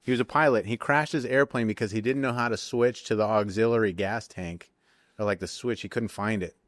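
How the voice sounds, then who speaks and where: A man's voice: fairly low pitch, brisk, dry recording, studio quality. A man, a podcast guest and jiu-jitsu coach, chatting casually in a loose, rambling, profane way. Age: adult with young kids. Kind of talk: casual chat.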